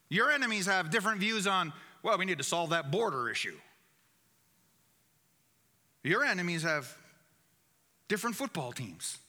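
A man's voice: high voice, sharp tone. A man preaching a sermon in an emphatic way, repeating key phrases for weight. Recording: echoey hall.

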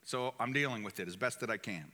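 Emphatic, bright-voiced male preacher. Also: lowish voice, fast talker. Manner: emphatic, repeats key phrases. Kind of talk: sermon. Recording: echoey hall.

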